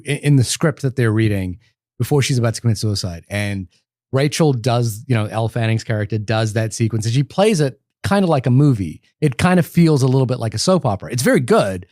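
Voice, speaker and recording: A man's voice: mid-range voice, a little mellow, no echo. Rambling man talking movies, dry close mic. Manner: rambling, enthusiastic, many restarts. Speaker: podcast co-host. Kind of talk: casual film discussion.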